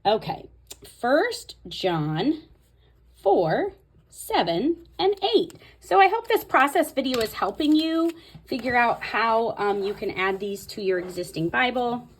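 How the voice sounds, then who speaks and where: A woman's voice: fairly high pitch, sing-song, slow, a little hiss or hum. A woman host talking casually through a Bible tabbing tutorial, thinking aloud as she marks pages. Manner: chatty, thinking aloud while marking her Bible. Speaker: Bible study video host.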